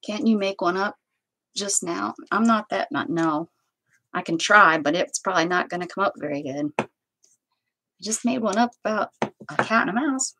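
A woman's voice: medium pitch, lively intonation, normal speed, pauses often, sharp tone, slightly rough, low-quality recording. A woman hosting a crafting livestream, chatting casually to herself and her viewers as she stamps, with playful sing-song asides. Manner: chatty, talks to herself and to live chat, playful made-up sing-song bits.

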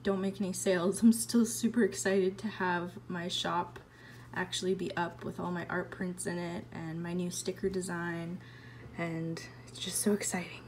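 A woman artist chatting casually in a home vlog, excitable and full of fillers, recorded on a phone in an apartment. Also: on the low side, a little hiss or hum, rough recording. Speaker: artist vlogger.

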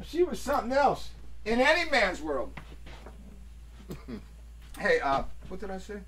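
An older man hosting a casual show, telling rambling stories and breaking into loud voices for the people in them. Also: sits high, measured pace, a little hiss or hum. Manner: rambling, animated storyteller, swings into loud character voices. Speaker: host. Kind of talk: casual storytelling chat.

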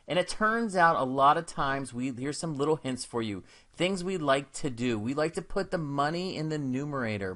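A man's voice: mid-range voice, a bit bright. A man teaching a recorded math lesson in an upbeat, casual and encouraging way, with slangy asides.

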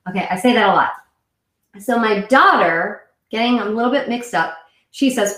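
A woman's voice: a little high, animated, moderate pace, fairly bright tone. A woman in her thirties hosting a live web show for moms, chatting casually to camera and often wandering off topic. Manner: chatty, rambling, self-correcting. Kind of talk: casual solo chat to camera. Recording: echoey room.

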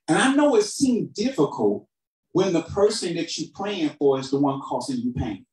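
A man preaching a sermon as pastor, calling for responses from the congregation and swinging between shouted emphasis and quiet, low asides. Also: animated, moderate pace. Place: church hall. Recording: roomy hall sound from a distant mic.

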